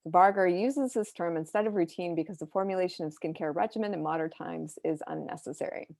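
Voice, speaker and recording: A woman's voice: lowish voice, brisk, gravelly, darkish tone, no echo. Dry-sounding woman teaching a lesson. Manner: explanatory, frequent "right?" check-ins. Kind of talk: recorded lecture on close reading.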